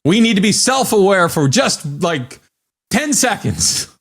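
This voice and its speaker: A man co-hosting a podcast in casual chat, animated and laughing often as he jokes. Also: high voice, measured pace, husky. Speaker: podcast co-host.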